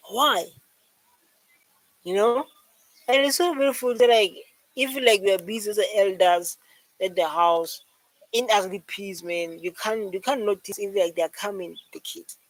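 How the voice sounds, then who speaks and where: A man's voice: high-pitched, no room sound, low-quality recording. A man with a South African accent giving a rambling, repetitive reaction commentary, full of fillers. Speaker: reaction video host.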